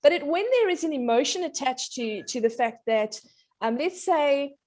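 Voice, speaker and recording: A woman's voice: high voice, expressive, moderate pace. A woman in her thirties, a parenting coach chatting on a talk show, telling family stories with frequent laughter. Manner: warm anecdotal, laughs often, acts out child voices. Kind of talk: casual talk show chat.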